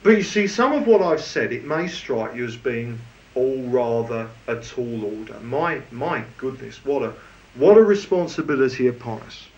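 A man preaching a sermon in a lively, conversational way with touches of humor. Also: mid-range voice, moderate pace. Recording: dull lo-fi recording.

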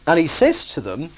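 Male preacher, emphatic sermon, lively swooping delivery, slightly high voice. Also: slightly rough. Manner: animated, emphatic, asks the congregation "you see?".

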